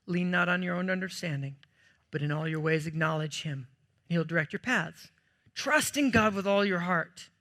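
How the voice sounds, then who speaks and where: A man preaching a sermon as pastor, telling stories in a jokey, animated way with sudden loud bursts. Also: high-pitched, moderate pace.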